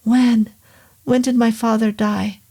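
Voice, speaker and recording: A woman's voice: medium pitch, takes it slowly, darkish tone. A woman voicing a grieving grown daughter who speaks firmly and stresses each word, in an audiobook reading. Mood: tense. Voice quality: trembling, then firm and emphatic. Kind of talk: audiobook character voice.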